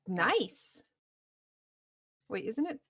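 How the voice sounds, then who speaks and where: A woman's voice: on the high side, sing-song, drawn-out words, a bit bright, slightly rough. A woman narrating as dungeon master in a casual, laughing way, with loose restarts. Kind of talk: narrating a tabletop game.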